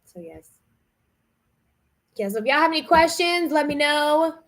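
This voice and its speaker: Young woman on her vlog, kinda high voice, tired n sick, just being real. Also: animated, unhurried, fairly bright tone. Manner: candid, emotional, weary. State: tired and unwell. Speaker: vlogger running group trips. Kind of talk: casual vlog talk.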